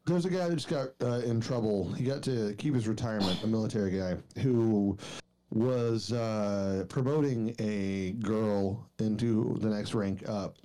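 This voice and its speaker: A man on a casual podcast, telling an anecdote in a halting way. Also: lowish voice, mellow. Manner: halting, searching for words. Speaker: podcast co-host. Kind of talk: casual chat.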